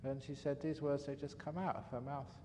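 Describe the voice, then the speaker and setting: A man, a monk, giving a dharma talk as an animated, chatty storyteller. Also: mid-range voice, brisk. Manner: animated, chatty storyteller with frequent "you know". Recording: reverberant hall, faint background noise.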